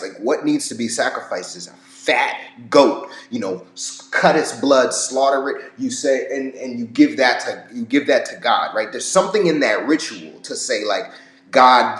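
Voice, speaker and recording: A man giving a casual, rambling commentary on scripture, full of fillers and the odd curse word. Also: mid-range voice. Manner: rambling, filler-heavy, profane. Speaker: religion commentator. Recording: roomy echo.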